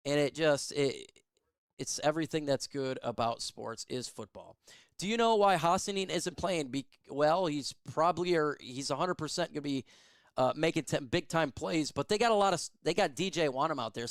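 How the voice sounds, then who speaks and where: Excitable male fan calling a game. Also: a little high, smooth, no echo, studio quality. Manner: emotional, excitable, shouts on big plays. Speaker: fan play-by-play streamer. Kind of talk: live fan play-by-play and chat.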